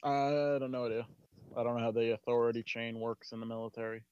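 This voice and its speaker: A man's voice: medium pitch, flat delivery, quick pace, darkish tone, clean tone, dull audio. A man in a casual online panel chat, talking bluntly and with plenty of swearing. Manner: brash, profane, blunt. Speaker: stream co-host.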